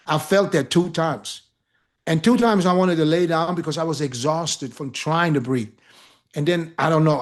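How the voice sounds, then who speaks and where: Man, slightly high voice, rambling profane anecdote teller for a casual chat show. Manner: animated, profane storyteller with laughs.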